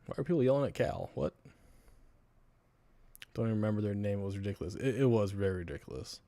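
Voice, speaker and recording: Low-voiced casual streamer man, swears freely. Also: expressive, fast, gravelly, warm tone, no room sound. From United States. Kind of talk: casual live-stream chat.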